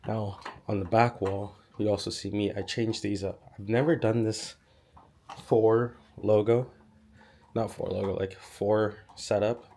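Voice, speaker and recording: A young man, hoarse from being sick, chatting casually as he gives a room tour. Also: fairly low pitch, level tone, moderate pace, few pauses, darkish tone, a little hiss or hum. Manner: chatty, lots of "like" and "so". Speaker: YouTuber giving a room tour. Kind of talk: casual vlog walkthrough.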